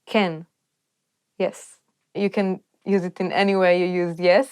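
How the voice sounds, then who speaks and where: Upbeat woman with a smooth voice. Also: lowish voice, little pitch movement, measured pace, a little mellow. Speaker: language teacher. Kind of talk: casual language lesson.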